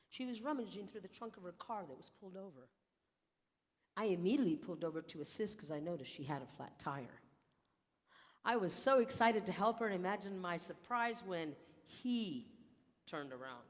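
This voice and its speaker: An older woman from South Texas delivers a humorous contest speech. She tells her story playfully and lands punchlines after pauses. Long hall reverb trails each line. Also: lowish voice. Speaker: contest speaker.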